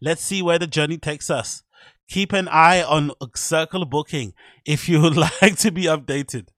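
A man's voice: a little high, a little slow, a bit bright, no echo, studio quality, pitched above the performer's own voice. A man reading out an announcement in a put-on German accent, stiff and formal. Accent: mock German.

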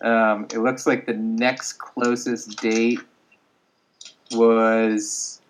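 A man in casual sports chat, measured and steady, reading out statistics. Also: mid-range voice, a little hiss or hum. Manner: measured, reads out stats.

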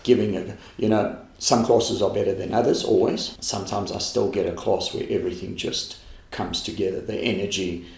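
A man, a karate instructor in a podcast interview, telling animated stories that he acts out. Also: lowish voice, moderate pace, gravelly. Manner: animated storyteller who acts out quotes and laughs often. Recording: echoey room.

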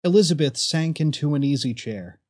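A man narrating a story in a measured, expressive way. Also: on the high side, husky. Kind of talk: audiobook narration.

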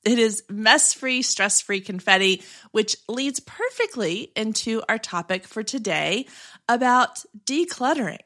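A woman's voice: fairly high pitch, lively intonation, a little slow, sharp tone. A woman, hosting her own podcast in an upbeat, chatty way, often restarting and saying "like". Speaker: podcast host. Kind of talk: solo podcast episode.

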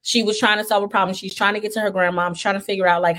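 A woman's voice: mid-range voice, flat delivery, fast talker, a bit bright. A woman hosting an interview, chatting with enthusiasm, often laughing and using fillers. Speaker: host. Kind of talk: casual interview chat.

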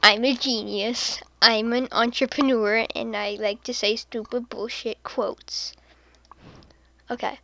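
Sarcastic slow-talking woman podcast host. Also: a little high, fairly even intonation, dry recording. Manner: sarcastic, laughs often, drops into soft muttered asides. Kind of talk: casual podcast commentary.

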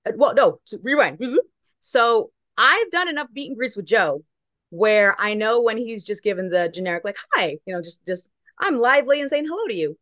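Lively woman telling a story. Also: mid-range voice, normal speed, dry recording. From Long Beach, California. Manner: lively storyteller, acts out quotes. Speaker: guest correspondent. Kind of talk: casual chat.

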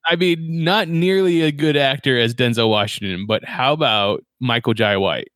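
Male co-host, easygoing and laughing, mid-pitch, dry sound. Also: moderate pace, a bit bright, dry recording. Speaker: podcast co-host. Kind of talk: casual chat.

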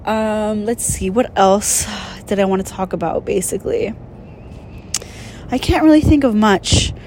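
A woman's voice: mid-range voice, lively intonation, unhurried, a little mellow, slight background noise. A young woman hosting a casual solo podcast, tearful and emotional, rambling with many fillers. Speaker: podcast host.

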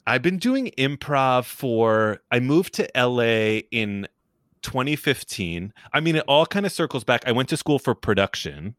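Guest man, bright crisp tone, dry mic, rambling and laughing. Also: medium pitch, sing-song, unhurried, no room sound. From New York. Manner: rambling, many restarts, laughs often. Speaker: guest, comedian. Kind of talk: casual podcast chat.

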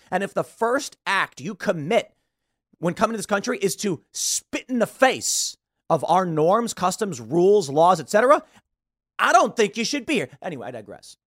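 A man's voice: sits high, no room sound, clean studio sound. A man hosting a show, giving blunt, opinionated political commentary and mimicking the people he talks about. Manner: blunt, animated, mimics others mid-rant. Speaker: show host.

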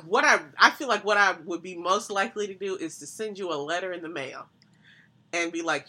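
A woman co-hosting a casual chat, speaking emphatically in colloquial terms and agreeing in quick interjections. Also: fairly low pitch, bright, forceful tone.

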